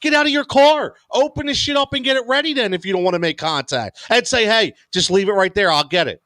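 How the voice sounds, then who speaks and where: American podcast dude, high voice, all over the place, exasperated story ranting. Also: male voice, fast, dry recording. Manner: animated storyteller, exasperated rants. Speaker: podcast co-host. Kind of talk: casual sports podcast chat.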